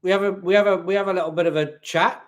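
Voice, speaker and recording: A man's voice: sits high, fairly even intonation, fast. A man hosting a live beer tasting from home, chatting casually to viewers in front of his laptop and often repeating himself. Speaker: beer reviewer livestream host. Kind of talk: casual live-stream chat. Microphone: laptop webcam.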